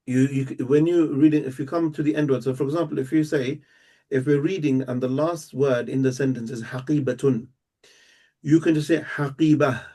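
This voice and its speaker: A man's voice: mid-range voice, steady tone, mellow. Patient man teaching a language lesson. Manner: patient, explains step by step, repeats words slowly. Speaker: Arabic teacher. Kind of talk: live one-on-one language lesson.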